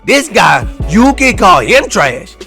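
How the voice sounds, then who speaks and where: A young man giving casual, animated commentary over a football video game, trash-talking and half-singing his asides. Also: high-pitched, takes it slowly, vocal fry. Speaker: gaming YouTuber. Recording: faint music behind.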